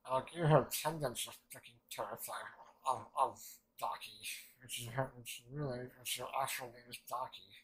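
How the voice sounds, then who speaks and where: A man's voice: medium pitch, moderate pace, a bit bright, low-quality recording. A man giving casual, rambling reaction commentary on an anime episode, swearing often and trailing off mid-sentence. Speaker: anime reaction channel host.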